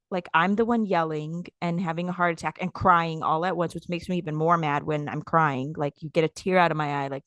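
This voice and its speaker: A woman in her thirties co-hosting a podcast in casual chat, telling stories animatedly and acting out quotes loudly. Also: lowish voice, no echo, clean studio sound. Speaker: podcast co-host.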